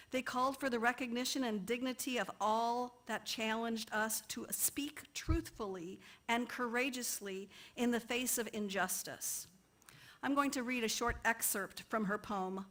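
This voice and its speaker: A woman's voice: a little high, a bit bright. A woman poet giving an earnest talk in a church, now and then stumbling over words. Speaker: lay speaker and poet.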